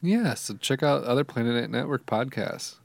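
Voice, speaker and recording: A man's voice: medium pitch, expressive, normal speed, vocal fry, dry recording. A man co-hosting a podcast, chatting casually with playful, jokey asides. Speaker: podcast co-host.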